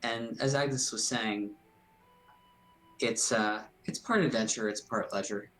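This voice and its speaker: Halting man playing a tabletop game. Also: fairly low pitch, fairly even intonation, a bit bright, slight background noise, low-quality recording. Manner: halting, hesitant, polite. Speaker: player. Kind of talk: in-character tabletop play.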